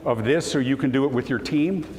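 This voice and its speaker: A man's voice: mid-range voice, fairly quick. Man, keynote speaker, storytelling, emotional, long hall reverb, faint hum. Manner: emotional, voice breaking at times; animated storyteller, acts out dialogue. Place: conference hall.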